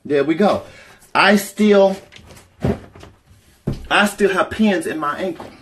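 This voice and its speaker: A woman telling a personal story in a casual vlog, animated and profane, talking straight to her viewers. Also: on the low side, takes it slowly, slight background noise.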